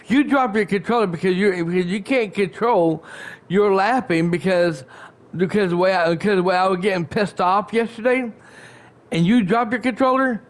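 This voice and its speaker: A man streaming from his chair at home, ranting on a headset mic in a rambling, repetitive, profane way. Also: sits high. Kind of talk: casual live-stream rant.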